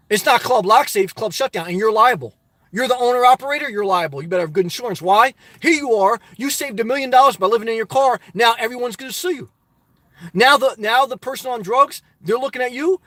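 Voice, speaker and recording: A man with a New Jersey accent hosting a casual livestream, answering chat with animated rhetorical questions that swing from loud to soft. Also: very high-pitched, no room sound. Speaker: livestream host reading chat. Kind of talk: casual live chat monologue.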